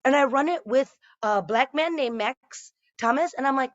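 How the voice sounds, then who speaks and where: A woman's voice: sits high, normal speed, hardly any pauses, dry recording, highs cut off. A woman in her thirties telling stand-up stories in a chatty, self-deprecating way, with many fillers and restarts. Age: 30s. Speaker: stand-up comedian. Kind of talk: stand-up storytelling set.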